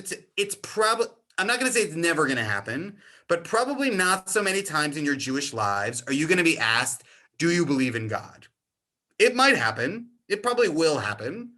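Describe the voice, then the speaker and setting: Guy teaching a torah class, bright punchy voice, kinda high, acts out the story in silly casual voices. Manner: animated storyteller acting out characters in casual voices. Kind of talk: lively informal Torah class.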